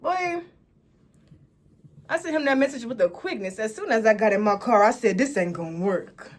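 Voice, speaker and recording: A woman in her twenties from Dallas, telling a casual storytime to her viewers with animated, dramatic delivery. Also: fairly high pitch, normal speed. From Dallas, Texas, USA. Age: 20s. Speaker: storytime vlogger.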